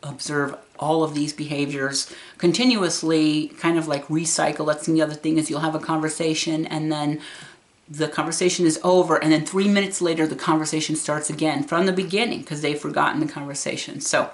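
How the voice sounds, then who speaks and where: A woman's voice: low voice, steady tone, fairly quick. A woman in her fifties talking to camera as a vlogger and caregiver, earnest and candid. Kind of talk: casual talk to camera.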